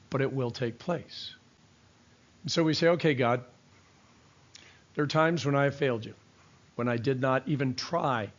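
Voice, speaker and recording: A man's voice: medium pitch, highs cut off. An older man, a pastor, teaching a verse-by-verse Bible study in a conversational preaching style, mixing scripture with personal stories.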